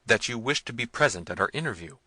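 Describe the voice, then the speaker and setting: A man voicing a domineering, harsh prince, speaking loudly and with command. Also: mid-range voice, expressive, quick pace, slightly rough, dry recording, heavily acted, rough recording. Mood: imperious. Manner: loud, commanding delivery.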